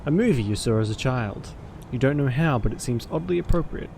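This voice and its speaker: Man with a gravelly voice reading a game aloud. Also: medium pitch, animated, fairly quick, darkish tone, a little hiss or hum. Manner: dramatic reading broken by cursing asides. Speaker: streamer playing a story game.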